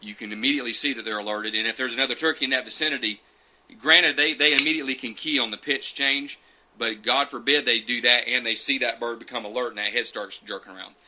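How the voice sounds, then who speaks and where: A champion turkey caller talks fast in a medium-pitched, sharp voice with fairly even intonation, answering viewer questions during a casual live Q&A and demonstration. The phone recording is rough, with a bit of hiss or hum. He is chatty and digressive, reading comments as he goes.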